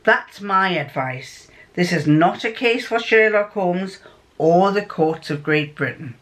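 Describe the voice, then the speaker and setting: An older woman reading out the lines of a calm male detective, in her own voice, tripping now and then over long words. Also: lowish voice, slow. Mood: measured. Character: calm, measured male detective giving advice. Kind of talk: reading a story aloud.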